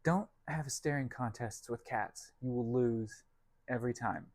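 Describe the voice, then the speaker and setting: A young man chats aimlessly while he bakes in his kitchen, drifting between jokes at his own expense and soft words to his pets. His voice sits at an ordinary middle pitch. The sound is close and dry, with no room echo. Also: measured pace. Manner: rambling, self-deprecating, talks to his cats. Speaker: vlog host. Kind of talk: casual cooking vlog chat. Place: home kitchen.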